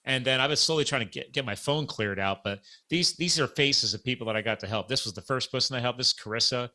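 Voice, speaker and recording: A man casually telling a long story in a podcast chat, animated and acting out the dialogue of people he met. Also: medium pitch, fast. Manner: animated, acts out quoted dialogue.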